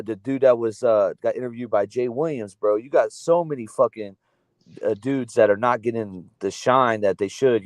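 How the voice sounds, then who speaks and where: A man's voice: lowish voice, darkish tone, no echo. Rambling South Florida man on a dry mic. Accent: South Florida, between East Coast and Southern. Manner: rambling, profane, loose slang. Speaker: podcast co-host. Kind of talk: casual livestream chat.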